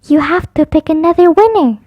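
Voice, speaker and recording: A woman voicing a calm, patient mother pig who speaks quietly. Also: very high voice, fairly quick, dry recording, lo-fi sound, pitched above the performer's own voice. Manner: quiet and hushed.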